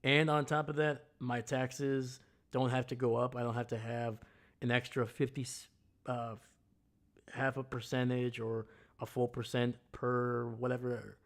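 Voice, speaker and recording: A man's voice: mid-range voice, flat delivery, a little slow. A man hosting a casual live stream, ranting bluntly and heatedly about sports. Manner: greets chat viewers loudly. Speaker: livestream host.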